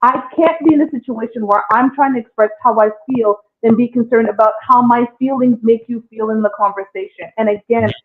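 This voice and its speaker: A woman's voice: fairly high pitch, fairly quick, hardly any pauses, a little hiss or hum. Woman host on a tinny line. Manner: expressive, addresses the audience directly. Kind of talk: casual podcast discussion. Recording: tinny phone-like sound.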